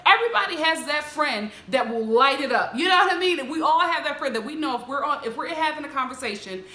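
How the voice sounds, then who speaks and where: A woman casually recapping a reality show, mimicking the cast members with bright put-on voices. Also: fast, roomy sound. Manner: animated, mimics the people she recaps in a higher voice. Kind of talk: casual commentary.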